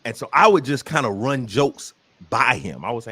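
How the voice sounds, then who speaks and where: Man, Southern American accent, comedian guest, very lively pitch, dry close sound. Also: moderate pace, breathy edge, dry recording. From Southern United States. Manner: animated storyteller, jokey. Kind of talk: casual interview chat.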